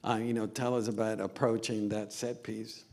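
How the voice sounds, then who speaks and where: A man with a fairly low voice moderates a film festival Q&A. He puts short questions to the guest and keeps the talk moving. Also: level tone, moderate pace, darkish tone. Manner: brief prompting questions. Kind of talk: festival Q&A interview. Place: theater stage, in front of an audience.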